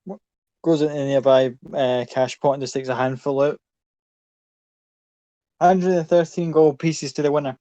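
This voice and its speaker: Game master, dry close sound. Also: male voice, a little high, steady tone, normal speed, pauses often, warm tone, dry recording. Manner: casual, swearing freely. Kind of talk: narrating a tabletop game.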